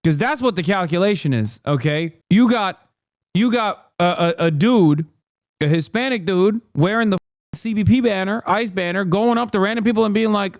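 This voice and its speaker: A sarcastic young-sounding male streamer rants through casual political commentary, heavy on profanity and mock disbelief. His voice sits high and is recorded dry and close. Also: moderate pace, no echo. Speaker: streamer host.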